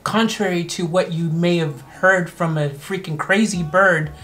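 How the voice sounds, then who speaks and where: A woman from America hosting a reaction video, chatting casually and excitably to viewers with lots of slang. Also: lowish voice, measured pace. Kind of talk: casual commentary.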